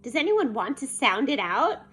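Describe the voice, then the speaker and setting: A woman voicing a patient, gentle male schoolteacher. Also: high-pitched, sing-song, normal speed, breathy edge, full character voice.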